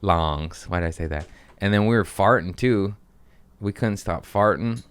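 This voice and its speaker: A man's voice: sits low, normal speed, smooth, dry recording. A young man hosting a comedy podcast, telling loose stories in casual chat, swearing and doing playful voices.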